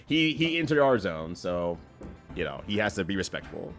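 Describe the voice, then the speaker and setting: A man streaming a game, chatting casually and laughing often, with animated jumps in pitch. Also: moderate pace, long pauses, faint music behind. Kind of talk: casual chat while playing a game. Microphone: streaming mic.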